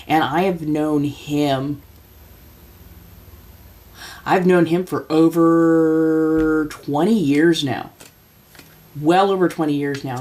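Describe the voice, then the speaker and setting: A woman in her forties hosts a relaxed livestream, rambling through a personal story. She laughs often and slips into playful voices for the people she quotes. Her voice sits on the lower side. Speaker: livestream host. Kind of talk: casual storytelling chat.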